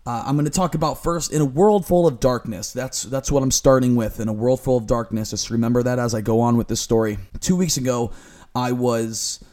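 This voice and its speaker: A man's voice: medium pitch, brisk, a little mellow. A young man hosting his own podcast, talking earnestly in an upbeat coaching way as a lifestyle coach. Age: young adult. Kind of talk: solo motivational podcast talk. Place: Florida.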